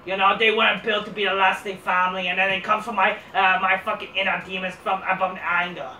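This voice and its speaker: A woman doing a brooding male wrestler who rambles crudely and trips over words, barely shifted from her own bright voice. It sounds roomy and off mic. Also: mid-range voice, level tone, fast, a little hiss or hum, voice pushed down, lightly acted. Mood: mock brooding. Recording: roomy echo from distant mic.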